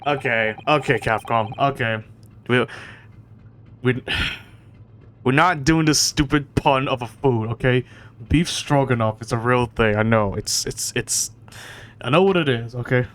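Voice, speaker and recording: A man's voice: medium pitch, measured pace, fairly bright tone. A man casually commenting on a visual novel he is playing, swearing and joking at himself. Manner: casual, swears, self-mocking. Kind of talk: casual let's play commentary.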